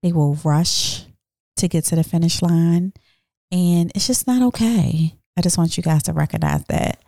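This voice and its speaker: A woman hosting her own podcast, telling a personal story in a blunt, animated way, swearing freely and talking straight to her listeners. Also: on the low side, a little slow, no room sound, clean studio sound. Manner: speaks directly to listeners. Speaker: podcast host. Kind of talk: casual storytelling monologue.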